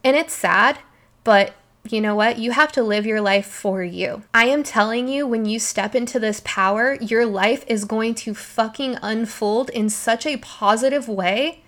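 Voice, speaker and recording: A woman's voice: fairly high pitch, measured pace, a bit bright. A young woman hosting a solo podcast, talking in an emphatic, emotional way and swearing freely. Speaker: podcast host. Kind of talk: passionate solo podcast talk.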